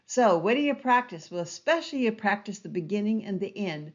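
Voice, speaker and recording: A woman coaching presenters with lively, emphatic inflections that lean hard on key words. Her voice sits at an ordinary middle pitch. The recording is a touch dull and lo-fi. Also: brisk. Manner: expressive, emphatic, varied inflection. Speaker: online presentation trainer. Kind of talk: instructional talk to camera. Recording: slightly dull lo-fi sound.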